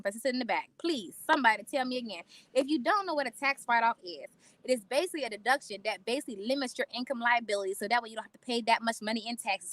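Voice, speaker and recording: A woman talking straight to her viewers, animated and preachy, repeating lines for emphasis and calling them y'all and honey. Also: a little high, dry recording, studio quality. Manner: casual slang, calls listeners y'all and honey. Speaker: host. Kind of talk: casual motivational talk to viewers.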